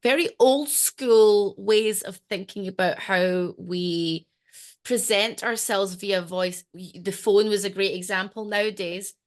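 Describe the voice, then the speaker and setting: A woman's voice: medium pitch, slow pace. A woman podcast host from Scotland with a mild Scottish accent, chatty and self-mocking. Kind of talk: casual podcast chat.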